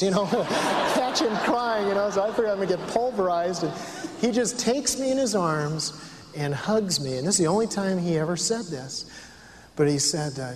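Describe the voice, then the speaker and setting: A man with a fairly high voice tells a personal story in sermon style, speaking earnestly and turning to the audience with questions. His words ring out with a long reverb, like a talk recorded live in a large hall. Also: animated, moderate pace, a little mellow. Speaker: speaker on family and counseling.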